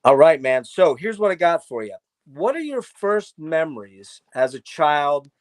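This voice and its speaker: A man's voice: a little high, big pitch swings, measured pace. A man hosting an interview, chatting like an enthusiastic fan and asking long, wandering questions. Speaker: podcast host. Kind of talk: casual interview chat.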